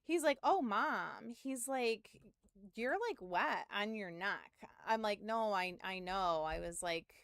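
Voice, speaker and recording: A woman's voice: medium pitch, unhurried, a bit bright, clear, resonant tone, no echo, clean studio sound. A woman streamer rambling through a story to her chat in casual talk, with lots of filler and some swearing. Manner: rambling, full of "like", swearing, self-mocking.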